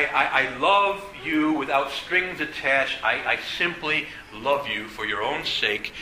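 A man teaching an adult church class, halting with many "uh"s and repeated words, then speeding through his points. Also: on the high side, sharp tone. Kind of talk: adult faith class lecture. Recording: echoey room, faint ambience.

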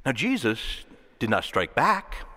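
Animated male preacher in a reverberant hall. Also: medium pitch, slow pace, slight background noise. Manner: animated, acts out quoted voices and swings between loud and hushed. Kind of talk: sermon.

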